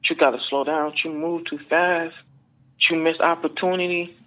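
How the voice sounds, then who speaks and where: A man voicing a calm, encouraging male grappling coach in a soft, low-key way, over a narrow phone-like line. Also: normal speed, lightly acted. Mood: instructive.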